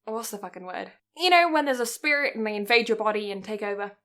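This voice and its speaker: A woman's voice: medium pitch, fast, a bit bright. A British woman co-hosting an anime podcast, chatting casually, giggly, sweary and rambling. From Britain. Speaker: podcast co-host. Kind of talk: casual chat.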